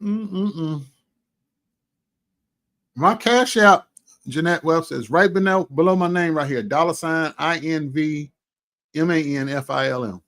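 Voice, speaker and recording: A man hosting a casual livestream chat, animated and exclamatory, with folksy asides and many drawn-out hums between remarks. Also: on the high side. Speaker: livestream host.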